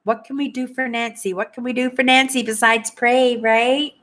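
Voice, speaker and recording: A woman's voice: on the high side, fairly even intonation, normal speed, fairly bright tone. A woman in her sixties from Canada, hosting a casual livestream and chatting with viewers in a rambling way, often adding "right?" to what she says. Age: 60s. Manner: chatty, rambling, tags "right?" after most sentences. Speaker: livestream host. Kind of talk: casual chat with live viewers.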